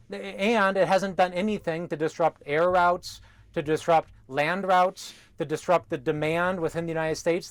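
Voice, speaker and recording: A male politician answering a TV interview in an emphatic, speechlike way. His voice sits somewhat high for a man, and the sound is dry and close. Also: no echo.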